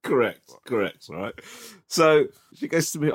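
A man's voice: medium pitch, moderate pace. A man in casual podcast chat, telling a story with swearing and lots of asides. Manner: animated storytelling, swears often. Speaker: podcast co-host.

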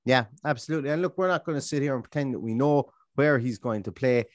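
A man co-hosts a football podcast and talks in rambling, restarting runs. His voice sits at a middling pitch, close to the mic with no room sound. The talk is loose and conversational. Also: fast talker, no room sound. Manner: rambling, full of restarts and fillers. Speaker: podcast co-host. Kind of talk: casual football chat.

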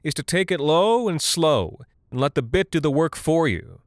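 A man's voice: fairly low pitch, huge pitch swings, moderate pace, no echo, studio quality. A man reading a story who voices a strange, playful young woman drifter in a raised voice. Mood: shouting. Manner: playful, teasing, shouting over noise.

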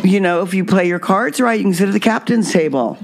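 An older American woman hosting a casual chat, animated and quick to laugh, slipping into put-on voices. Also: medium pitch, creaky.

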